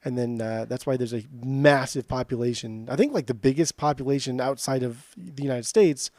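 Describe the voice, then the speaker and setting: A man's voice: medium pitch, normal speed, darkish tone, no room sound. Guy cohosting a podcast, super loose, says dude and like a lot, dry close sound. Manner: loose, swearing, lots of "dude" and "like". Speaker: podcast co-host. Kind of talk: casual chat.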